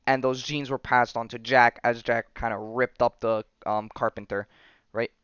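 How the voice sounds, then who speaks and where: A man hosting a podcast, recapping a comic book in a loose, rambling way full of fillers and tag questions. His voice is clear and mid-pitched. The recording is dry and slightly dull. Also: steady tone, normal speed, fairly bright tone, dry recording. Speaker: podcast host.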